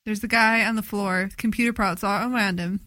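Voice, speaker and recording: Female co-host, bright tense tone, dry close sound, playful and giggly. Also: mid-range voice, fairly even intonation, a little fast, no room sound. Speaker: podcast co-host. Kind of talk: casual chat.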